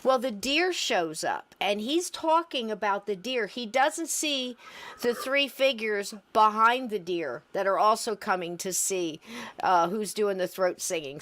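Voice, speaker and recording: Chatty woman podcast host, kinda high voice, laughs a lot, super animated. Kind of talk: casual chat about paranormal clips.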